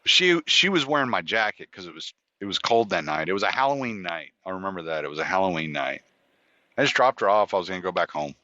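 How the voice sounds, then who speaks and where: A lower-pitched man with a lively, swooping delivery, rambling through a story with plenty of cursing and self-interruptions. His voice is bright and forward. The recording is dull and lo-fi but dry, with no room sound. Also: fast, dry recording. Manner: rambling, profane, with frequent restarts and quoted dialogue. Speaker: podcast host. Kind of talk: casual storytelling monologue.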